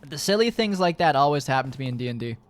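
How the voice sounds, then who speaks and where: A man's voice: fairly high pitch, expressive, quick pace. A young man streaming, chatting casually to his viewers in a rambling way, full of fillers and swearing.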